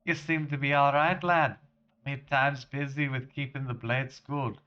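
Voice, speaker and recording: A man voicing a tough male fist-fighting trainer in a put-on Scottish accent, with rough, clipped dialect. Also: mid-range voice, steady tone, normal speed, bright, forceful tone, muffled recording, close to an everyday voice. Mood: gruff.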